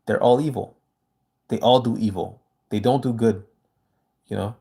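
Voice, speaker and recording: A man's voice: fairly low pitch, normal speed, vocal fry, mellow, slightly rough. A man hosting a casual livestream, reading viewer comments aloud and answering them in an earnest, emphatic way.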